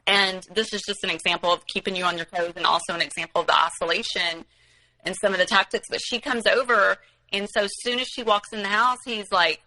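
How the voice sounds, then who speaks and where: A woman's voice: mid-range voice, a little fast, sharp tone, low-quality recording. A woman recounting her own experience as a guest in casual storytelling, rambling with many fillers and restarts.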